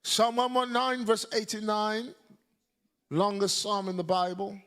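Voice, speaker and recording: A man preaching a lively sermon to a church congregation, shouting and leading call-and-response. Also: high voice, unhurried.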